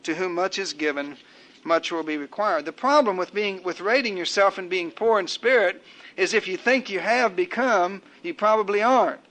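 An older man delivers a sermon in a high, bright voice. He preaches in measured, rhetorical cadences, stacking up repeated phrases to drive each point home.

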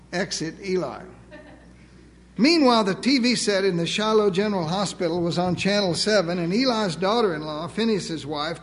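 Older man, preacher, high voice, folksy humorous sermon, slow stressed phrases, long hall reverb. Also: slight background noise. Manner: folksy, humorous, drawn-out emphatic delivery.

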